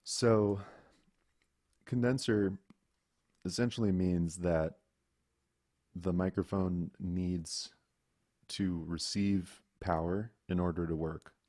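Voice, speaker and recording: Deep-voiced man patiently explaining mics. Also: steady tone, slow, pauses often, warm tone, no echo, clean studio sound. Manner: patient explainer, demonstrates mic distance. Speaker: audio instructor. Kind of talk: teaching a live online class. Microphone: microphone close up, video call.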